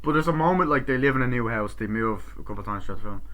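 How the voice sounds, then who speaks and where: A man giving a rambling, profane, excitable spoken review of a film. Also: mid-range voice, very fast, a little hiss or hum, rough recording. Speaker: movie reviewer.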